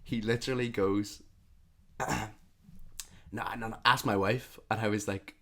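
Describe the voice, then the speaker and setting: A young man co-hosts a podcast and tells a rambling bus story in an easy, chatty way. His voice sits a little low, and he slips into the other people's lines as he goes. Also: a little slow. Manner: animated anecdote teller who acts out the other people's lines. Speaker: podcast co-host. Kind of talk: casual storytelling chat.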